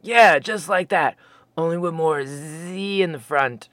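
A narrator voicing a huge, mellow male Sasquatch who is a stoner, speaking in a sheepish, relaxed drawl. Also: mid-range voice, slow, no echo.

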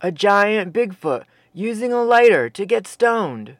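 A narrator playing a stammering, stunned forestry worker. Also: male voice, sits high, sing-song, unhurried, no room sound, studio quality. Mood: amazed. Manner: stammering, incredulous.

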